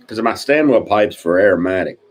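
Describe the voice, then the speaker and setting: A man's voice: lowish voice, animated, unhurried, breathy edge. A middle-aged man with a Staten Island accent, co-hosting a casual pipe-smoking chat, joking and laughing often. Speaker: podcast co-host.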